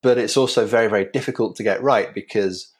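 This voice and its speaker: A man from England with a Yorkshire accent, a guest on a technical podcast, explaining his software carefully with small restarts. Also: on the low side, fast, slightly rough. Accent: Yorkshire English. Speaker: guest, framework creator.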